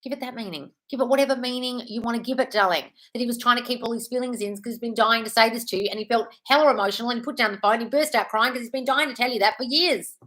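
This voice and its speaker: A woman's voice: on the high side, quick pace, hardly any pauses, a bit bright. Woman, 30s, home live stream, casual chat, reassuring, blunt, says darling. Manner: chatty and reassuring, calls viewers darling, swears casually. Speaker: manifestation coach hosting a live Q&A.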